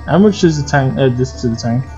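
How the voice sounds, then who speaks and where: A man's voice: mid-range voice, animated, brisk, highs cut off, over music. A groggy, worn-out English man chatting and rambling through casual gameplay commentary as a let's play host.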